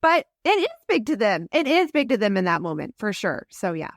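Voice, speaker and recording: A woman co-hosting a casual parenting podcast, reacting quickly and laughing easily, on a close mic. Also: mid-range voice, big pitch swings, dry recording. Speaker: podcast co-host.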